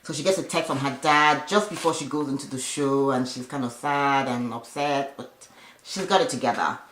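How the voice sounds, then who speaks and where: A woman's voice: rumbling low, normal speed, a bit bright. A woman giving a casual, chatty recap of a reality show, with opinionated asides along the way. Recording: echoey room.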